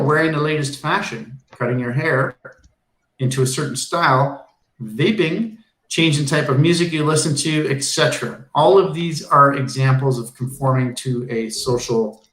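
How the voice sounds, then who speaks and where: Male teacher, mid-pitch, chatty anecdotal lesson delivery, roomy echo. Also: a bit bright. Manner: chatty storytelling with frequent ums. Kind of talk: classroom lesson with personal anecdote.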